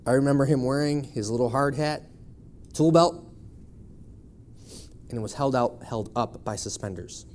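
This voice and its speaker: A man's voice: mid-range voice, normal speed, pauses often, darkish tone, a little hiss or hum. A man in his thirties from Buffalo, New York, giving a personal testimony in church with a wry, conversational storytelling manner. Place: church sanctuary.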